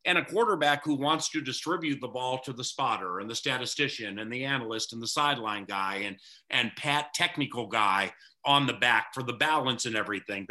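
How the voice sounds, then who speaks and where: A man's voice: medium pitch, bright, forceful tone. A man who works as a radio play-by-play announcer, frankly owning up to a mistake as an interview guest. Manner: candid, self-critical storytelling.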